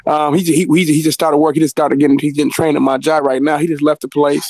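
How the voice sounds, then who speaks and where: A man's voice: on the high side, little pitch movement, quick pace, vocal fry, a little mellow, no echo. A man from California telling workplace stories in casual chat as a podcast co-host, acting out coworkers in a raised voice. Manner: storytelling, acts out coworkers in a raised voice, laughs often.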